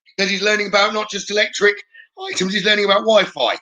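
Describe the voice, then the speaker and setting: A man speaks as a psychic medium on a live stream. His voice sits high and sounds bright and forceful, and he talks in a chatty way, passing on messages and checking in with a quick "okay?". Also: very animated. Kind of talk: live-streamed spirit readings.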